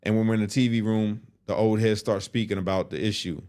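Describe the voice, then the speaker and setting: A man's voice: on the low side, fairly even intonation, fast talker, a little mellow, faint music behind. Man telling a story in blunt street slang. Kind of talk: casual first-person storytelling.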